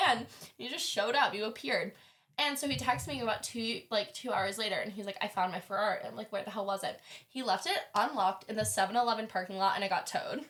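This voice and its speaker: Animated young woman telling a story. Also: mid-range voice, brisk. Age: young adult. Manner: animated, heavy use of "like", acts out quoted voices. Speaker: podcast guest. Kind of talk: casual storytelling.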